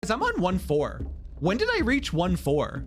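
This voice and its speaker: A woman streaming a video game, chatting with viewers in a giggly, excitable way and reacting loudly to what happens. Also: on the low side, moderate pace, music in the background. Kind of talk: casual live-stream commentary.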